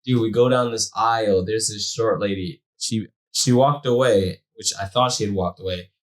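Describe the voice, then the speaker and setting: A young man, a new father and podcast co-host, telling a story in a lively, slangy way and acting out the quotes. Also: on the low side, normal speed. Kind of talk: casual storytelling chat.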